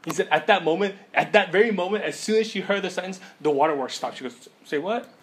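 A man's voice: high voice, quick pace, a bit bright, a little hiss or hum. Chatty man preaching with constant "okay?". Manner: conversational, many fillers and "okay?" check-ins. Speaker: pastor. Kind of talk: sermon.

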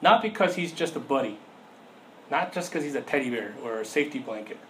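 A man's voice: mid-range voice, expressive, fairly quick, fairly bright tone, low-quality recording. Young man, youth pastor, casual sermon, story told with acted-out voices, light background noise. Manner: conversational storytelling, acts out voices in anecdotes.

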